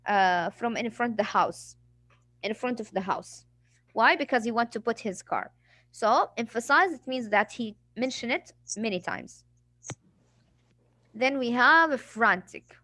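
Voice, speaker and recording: A woman's voice: fairly high pitch, fairly bright tone, dry recording. Female English teacher, patient and explanatory, dry close recording. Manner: patient explaining, acts out examples. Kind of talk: classroom vocabulary lesson.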